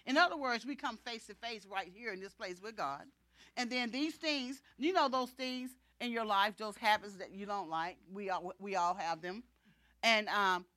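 A woman's voice: a little high, a bit bright, no echo. A middle-aged woman preacher giving a sermon, emphatic and repetitive, often saying "you know". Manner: emphatic, repeats key phrases, frequent "you know".

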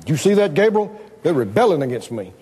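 Man doing God as a chuckling, mocking heavenly ruler with lively pitch. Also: fairly quick, big-room sound, a little hiss or hum. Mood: mock worried. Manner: mock-worried, then booming laughter.

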